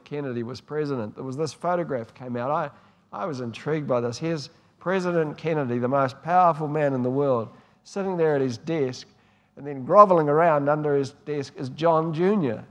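Male pastor, sermon, slightly high voice, long reverb, warm storytelling. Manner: warm storytelling, swings between hushed and emphatic.

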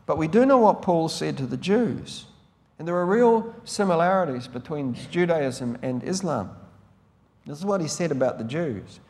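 New pastor preaching in a reverberant hall. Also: male voice, on the high side, a little mellow. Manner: conversational and rambling, with frequent restarts. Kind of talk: sermon.

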